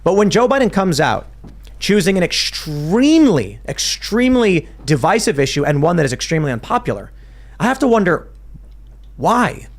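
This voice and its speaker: Man, podcast host, political panel talk, argumentative, thinks aloud, frequent restarts, slightly high voice. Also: very animated, normal speed.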